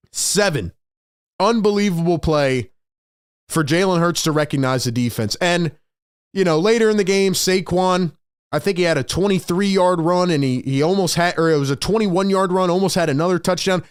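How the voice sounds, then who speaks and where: A man hosting a postgame sports show, talking in an excited, emphatic way and repeating his key points, worked up with excitement. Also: sits high, smooth, no room sound, studio quality. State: overexcited.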